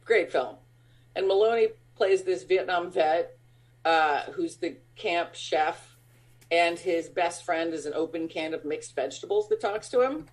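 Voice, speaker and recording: A woman who is an actor and stand-up comic, telling stories in a casual interview. She talks in a chatty, animated way with many fillers, laughs often and acts out other people's lines. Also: on the low side, unhurried.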